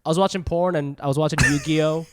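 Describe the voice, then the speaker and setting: A young man co-hosting a podcast, telling rambling stories in a casual, animated way and laughing often. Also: fairly high pitch, quick pace, smooth, dry recording, clean studio sound. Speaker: podcast co-host.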